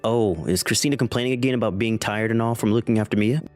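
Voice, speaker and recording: A man's voice: fairly low pitch, quick pace, a little mellow, natural voice. A man reading the lines of a lying, jobless husband who defends himself to his mother, in a scripted text-message story. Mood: evasive. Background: faint background music.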